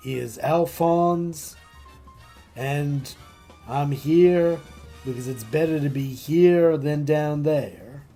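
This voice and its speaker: Man doing detached Voltorb creature, measured and unhurried, mellow, slightly high. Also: faint music behind, full character voice. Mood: calm. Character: calm male Voltorb, impartial observer.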